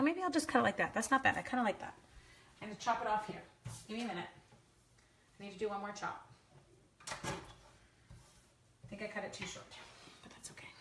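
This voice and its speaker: A chatty woman from Canada talks viewers through her card-making on a live stream, teasing herself over every little slip. Her voice sits at an ordinary middle pitch. A faint hiss runs under the recording. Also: fairly bright tone. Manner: chatty, self-deprecating, talks to viewers while working. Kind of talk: live crafting stream chat.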